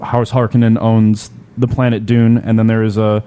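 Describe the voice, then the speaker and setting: A man's voice: fairly low pitch, little pitch movement, moderate pace, dark tone, smooth. A man co-hosting a casual podcast chat, explaining things at length with many restarts and fillers. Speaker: podcast co-host.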